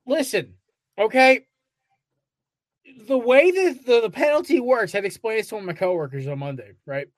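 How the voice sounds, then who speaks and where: A man's voice: sits high, lively intonation, moderate pace, pauses often, no room sound. A man co-hosting a casual sports podcast, ranting with heavy profanity. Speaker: podcast co-host.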